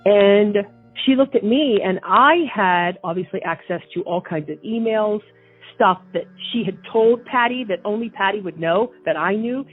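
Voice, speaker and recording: Heard through a tinny phone line with faint music in the background, a woman's husky, medium-pitched voice moves at a normal pace. She is an interview guest recounting a personal story indignantly, with frequent repetitions and restarts.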